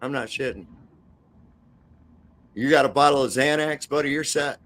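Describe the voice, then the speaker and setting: A man's voice: mid-range voice, moderate pace, fairly bright tone. Male panel guest, crude and rambling, casual chat. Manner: crude, rambling, says "man" a lot. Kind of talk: casual live-stream chat.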